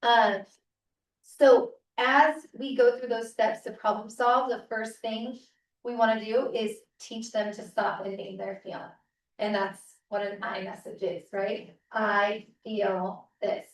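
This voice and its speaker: Speaking at a measured pace, this woman has a fairly high, level voice as she leads a parent seminar. Her teaching is casual and conversational, punctuated by frequent "right?" check-ins with the audience, and the distant mic gives the seminar room a roomy sound.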